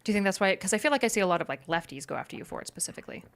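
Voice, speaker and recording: A woman's voice: medium pitch, animated, rapid-fire, slight background noise. A young woman co-hosting a casual livestream chat, explaining clinical terms in a chatty way with plenty of fillers. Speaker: co-host.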